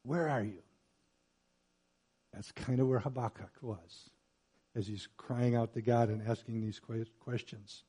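A middle-aged man preaching a sermon as pastor, growing loud and emphatic when reading scripture and turning quiet and personal in asides. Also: medium pitch, fairly even intonation, measured pace, breathy edge.

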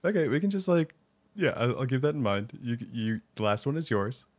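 A baritone man co-hosts a podcast in loose, casual chat. He rambles and hedges with many fillers, and he laughs often between his thoughts. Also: big pitch swings, brisk. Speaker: podcast co-host.

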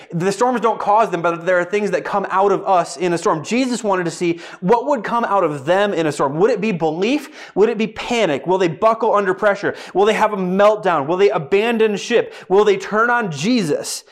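A man preaching a sermon, hammering points home through repetition and strings of rhetorical questions. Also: high voice. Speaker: pastor.

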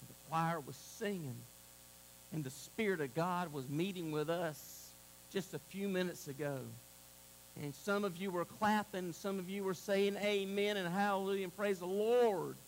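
A man preaching a sermon to a congregation, moving between loud exclamations and a hushed altar call. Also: high-pitched, measured pace, slight background noise, rough recording. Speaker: pastor. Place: church sanctuary.

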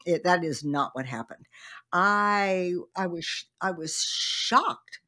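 A woman's voice: fairly low pitch, slow pace, sharp tone. A middle-aged woman minister, a guest giving an earnest faith testimony in an interview. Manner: earnest storytelling with quoted prayers.

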